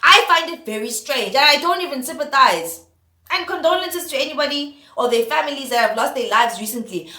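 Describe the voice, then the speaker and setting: A woman's voice: sits high, pushed and bright, reverberant. A woman vlogging an opinion rant to camera, exasperated and firing off repeated rhetorical questions. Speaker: vlogger host.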